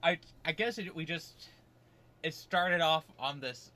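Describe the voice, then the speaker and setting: A man's voice: a little high, measured pace, pushed and bright. A man co-hosting a horror podcast stream, tossing out joking asides and laughing as his friend plays a game. He rambles a little, restarting his thoughts as he goes. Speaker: podcast co-host. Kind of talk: casual let's-play chat.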